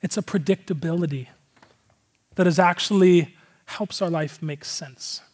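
A man's voice: a little high, a little slow, a little mellow, slightly rough. A male pastor giving a casual, conversational sermon, earnest and rambling, with a lot of filler words.

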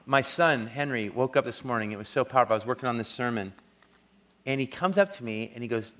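A man preaching a sermon as pastor, earnest, rising to strong emphasis and dropping to a hushed, intimate tone when telling a story. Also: mid-range voice, quick pace.

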